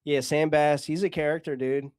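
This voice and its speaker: A man's voice: fairly high pitch, fairly even intonation, a little mellow, clear, resonant tone. An American man co-hosting a podcast, joking around in crude, casual banter. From United States. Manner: joking, crude, drawn-out delivery. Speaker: podcast host.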